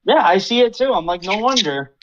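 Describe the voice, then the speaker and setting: Speaking briskly in a high voice, a young podcast host rants casually, swearing a lot and performing other people's quotes with animation. The recording has its highs cut off and carries a little hiss or hum.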